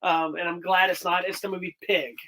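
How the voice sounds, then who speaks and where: A man's voice: sits high, level tone, a little fast, sharp tone, rough recording. A man co-hosting a podcast as a film critic, chatting eagerly about his favorite movies of the year. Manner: enthusiastic, hesitant fillers and restarts. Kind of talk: casual movie review chat.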